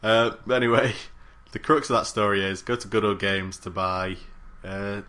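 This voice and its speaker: Bright-voiced teasing podcast host man. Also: lowish voice, fairly even intonation, moderate pace. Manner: dry teasing, laughs often. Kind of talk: casual podcast chat.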